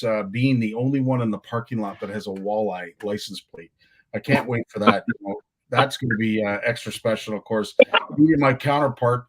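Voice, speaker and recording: Man, from Canada, talk host, mid pitch, jokey, self-deprecating. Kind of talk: casual chat.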